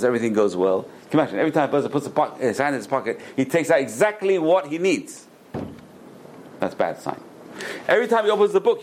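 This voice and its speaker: A middle-aged man teaching a Torah lecture as a rabbi, an animated storyteller who repeats words for emphasis and drops in Hebrew terms. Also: on the low side, a little hiss or hum. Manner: peppers speech with Hebrew terms.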